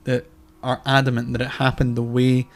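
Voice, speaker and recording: A man's voice: medium pitch, completely flat delivery, normal speed, vocal fry. A man co-hosting a casual podcast chat, talking emphatically and swearing often. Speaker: podcast co-host.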